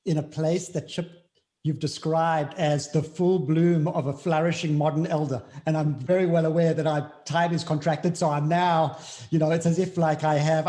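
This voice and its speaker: A man's voice: fairly high pitch, dark tone. A man with a South African accent, speaking earnestly as an interview guest and repeating key phrases for emphasis. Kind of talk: reflective interview talk.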